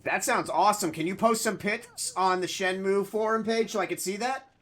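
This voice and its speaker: A man's voice: high-pitched, moderate pace, a bit bright. A man streaming a video game, chatting casually and joking with viewers and his dogs.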